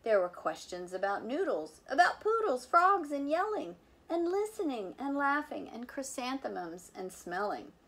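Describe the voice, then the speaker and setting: A woman volunteer reads a silly picture book aloud for children. Her delivery is animated and playful, with chatty asides about the pictures. Her voice sits a little high and swoops widely in pitch. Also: normal speed, hardly any pauses. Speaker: volunteer reader.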